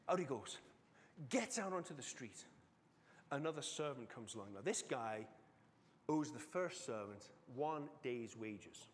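A middle-aged man preaching a sermon as a pastor, telling the story dramatically and swinging between loud and hushed delivery. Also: medium pitch, animated, a little slow, a little hiss or hum. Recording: long reverb of a large hall.

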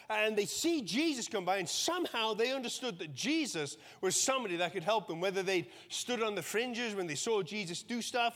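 A man with a high voice preaches a sermon in a relaxed, conversational way, checking in with "okay?" and often repeating words. His voice rings with a long reverb, as in a church hall. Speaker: pastor.

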